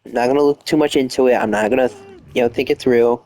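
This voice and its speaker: Speaking at a quick pace with fairly even intonation and a darkish mid-range voice, a young male streamer plays a game late at night from a lying position. Frustrated, he mumbles, curses, and lets slip half-whispered outbursts.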